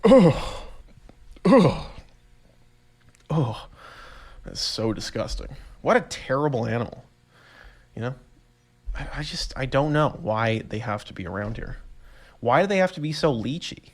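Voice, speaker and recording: A young man, casually rambling through a solo podcast story, animated and self-amused. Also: medium pitch. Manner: rambling, animated storytelling with laughs and voiced reactions. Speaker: podcast host.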